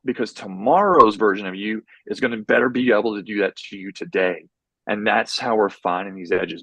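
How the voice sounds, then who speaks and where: Fired-up coach guy, low voice, dry close mic, keeps restarting himself. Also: breathy edge, no echo. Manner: intense, motivational, fast with many restarts. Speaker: college cross country and track coach. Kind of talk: casual podcast interview.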